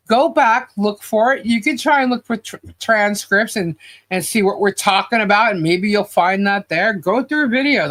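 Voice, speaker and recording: A woman co-hosting a casual live-stream chat, exasperated and sarcastic, laughing often as she rants. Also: mid-range voice. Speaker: podcast co-host.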